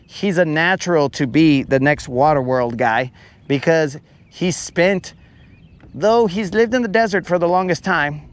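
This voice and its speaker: A man hosting a live fishing broadcast from his boat out on a lake, talking in a loose, joking, slang-filled ramble. His voice sits a bit higher than most men's. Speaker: fishing livestream host. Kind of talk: casual chat.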